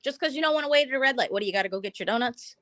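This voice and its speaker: Young woman, stream co-host, fairly high voice, blunt and animated, dry close sound. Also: racing, no room sound. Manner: blunt, animated storyteller who acts out quotes. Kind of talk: casual storytelling chat.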